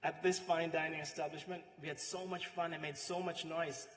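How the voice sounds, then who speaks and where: A man with a Sri Lankan accent delivering a eulogy, heartfelt and pausing, his voice trailing softly at the ends of phrases. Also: fairly high pitch, level tone, a little hiss or hum. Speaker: eulogist, friend and coworker. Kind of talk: eulogy speech with anecdotes. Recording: echoey hall with long reverb.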